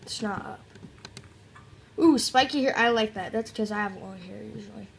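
A woman's voice: medium pitch, moderate pace, vocal fry, a little hiss or hum. A woman doing casual let's-play commentary, joking around and reading on-screen tutorial text aloud. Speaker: gameplay commentator.

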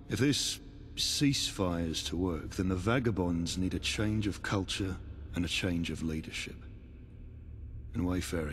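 A man voicing a deep-voiced cold crime boss. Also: a little hiss or hum, natural voice. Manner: measured, cold, businesslike. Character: calculating middle-aged male crime boss. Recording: reverberant game audio with faint ambience.

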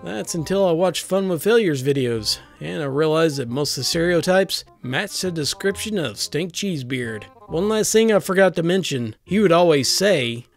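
A man narrating a submitted first-person story aloud, with a steady reading delivery and dry sarcastic asides. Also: fairly high pitch, normal speed, few pauses, faint music behind.

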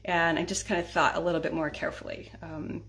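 This middle-aged decluttering vlogger talks fast in a low, fairly bright voice with vocal fry and flat delivery. Her casual chat is broken up by laughter and repeated "right?" and "okay?" check-ins with viewers.

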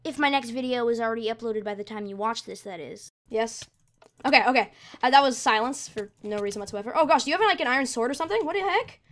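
Woman, higher-pitched voice, casual gameplay commentary, rambling, easily annoyed. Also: expressive, fast, fairly bright tone. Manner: rambling, easily frustrated, talks to herself. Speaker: gamer.

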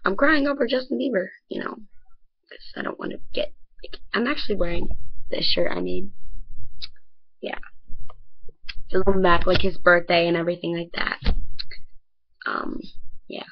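A teenage girl vlogging casually in a rambling way, full of fillers and often dropping to a soft near-whisper. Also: lowish voice, level tone, normal speed, gravelly, long pauses, lo-fi sound. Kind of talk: casual bedroom vlog.

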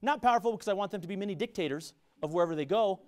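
This man talks very fast in a high voice. A middle-aged university business professor with a San Luis Valley Colorado accent, he gives students an earnest public lecture, frequently restarting phrases and repeating himself.

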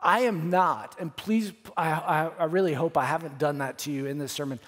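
A man preaching a sermon as pastor, earnest, repeating phrases, rising to emphatic peaks and dropping to soft, quiet lines. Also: fairly high pitch, fairly even intonation, normal speed. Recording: church hall with long reverb.

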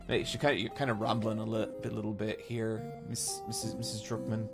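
A man's voice: fairly low pitch, completely flat delivery, a little fast, gravelly, hardly any pauses. Man in his thirties, podcast host, casual chat, rambling, self-mocking, swears, faint music behind. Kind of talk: casual chat playing a game.

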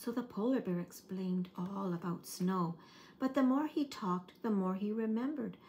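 A woman reads a children's picture book aloud for an early-years program. Her reading is gentle and expressive, and her pitch sits at an ordinary middle. A faint hiss runs under the recording. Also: moderate pace.

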